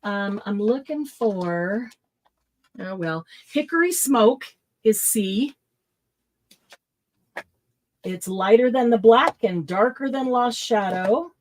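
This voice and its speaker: A woman's voice: mid-range voice, expressive, slow, darkish tone, poor audio. Chatty woman hosting a live craft sale. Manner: chatty, laughs often, lists product colors. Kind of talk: casual live sale chat.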